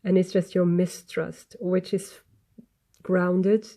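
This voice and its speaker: Mellow-voiced woman giving a tarot reading. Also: on the low side, flat delivery, takes it slowly. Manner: gentle, earnest, meandering with restarts. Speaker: tarot reader. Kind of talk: spoken tarot reading to camera.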